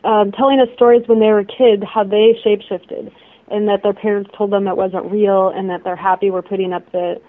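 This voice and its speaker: A woman's voice: medium pitch, flat delivery, a little fast. Eager woman on a tinny phone line.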